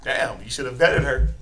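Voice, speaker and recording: A man with an American accent teaching a class in a casual, joking way, often acting out voices in quoted asides. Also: medium pitch. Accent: American English.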